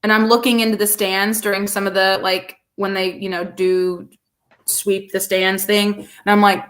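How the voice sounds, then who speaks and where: A woman in casual sports-podcast chat, animated and sarcastic, often laughing as she reacts. Her voice sits in an ordinary middle range. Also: mid-range voice, moderate pace. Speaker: podcast co-host.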